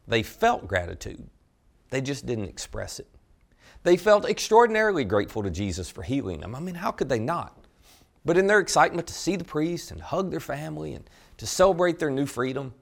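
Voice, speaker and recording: A man preaching a sermon, telling a story with animated delivery and asking listeners direct questions. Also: medium pitch, vocal fry. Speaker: pastor.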